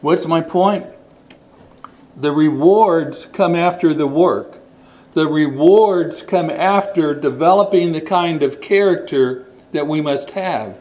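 Male preacher, higher-pitched, unhurried sermon delivery with emphatic repetition. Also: darkish tone, poor audio. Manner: deliberate, stresses words and repeats them. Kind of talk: sermon with scripture reading.

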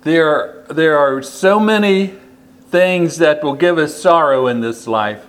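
A man preaching a sermon, slow and deliberate, repeating key phrases for emphasis. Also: fairly high pitch, a bit bright.

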